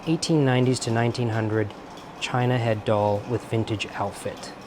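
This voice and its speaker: A man's voice: mid-range voice, fairly even intonation, moderate pace, noisy background. Enthusiastic man browsing antiques. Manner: enthusiastic, reads price tags aloud. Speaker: vlog host. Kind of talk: casual vlog chat. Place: antique market indoors.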